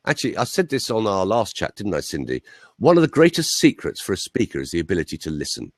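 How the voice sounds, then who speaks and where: A male voice coach with a standard Southern English accent, telling anecdotes in an animated way and mimicking voices. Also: on the low side, fast talker, no room sound, studio quality. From Ireland. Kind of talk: interview, anecdotal chat.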